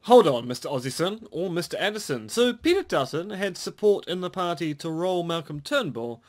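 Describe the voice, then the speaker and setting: A man's voice: high voice, sing-song, normal speed. Mock-stern male podcast anchor. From New Zealand. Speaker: podcast host. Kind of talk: scripted comedic news anchoring.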